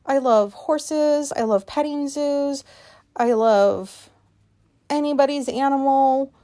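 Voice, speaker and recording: A woman's voice: high voice, slow pace, dark tone. A middle-aged woman hosting a solo podcast, rambling and questioning herself in casual chat and swearing freely. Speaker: podcast host.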